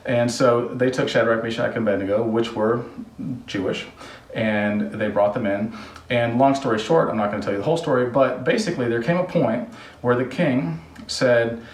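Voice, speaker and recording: A man's voice: medium pitch, moderate pace. A man hosting a casual do-it-yourself vlog, telling stories in a chatty, rambling, joking way. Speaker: host, contractor. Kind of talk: casual DIY vlog with storytelling. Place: house under renovation. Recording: roomy sound from off-mic.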